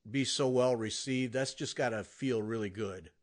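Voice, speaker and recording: A man hosting an interview podcast, speaking in a halting way with many restarts while complimenting his guest. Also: medium pitch. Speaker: podcast host. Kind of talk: casual interview chat.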